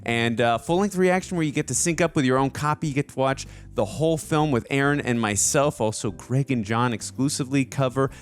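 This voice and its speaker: A man's voice: medium pitch, brisk, few pauses, soft background music. A man hosting a movie reaction show, rambling and self-deprecating in casual chat.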